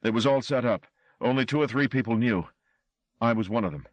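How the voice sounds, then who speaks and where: A man's voice: mid-range voice, fairly quick, dry recording, dull audio, voice pushed up, natural voice. A man reading an audiobook voices a frightened male chauffeur who blusters and pleads. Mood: pleading.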